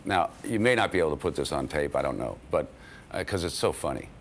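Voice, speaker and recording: A man's voice: very deep voice, lively intonation, quick pace, a little hiss or hum. A man being interviewed about a film he acted in, telling an anecdote with chuckles. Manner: storytelling, chuckling. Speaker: actor recalling a film.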